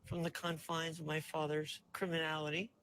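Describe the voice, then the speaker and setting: A man answering questions in a TV interview clip, hesitant and measured. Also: fairly high pitch, monotone, a bit bright, rough recording.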